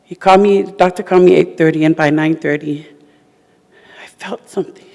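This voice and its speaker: A woman giving a eulogy for her husband at a funeral, speaking emotionally in halting, broken-off phrases. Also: low voice, steady tone, vocal fry, a little mellow, long reverb tail. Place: funeral service hall.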